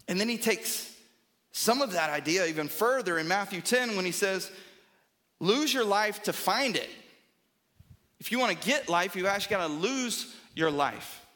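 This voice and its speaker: In a high, bright voice, a male pastor preaches a sermon with emphasis, building rhythm through repeated phrases and checking in with the congregation. His delivery is unhurried, with lively intonation and frequent pauses.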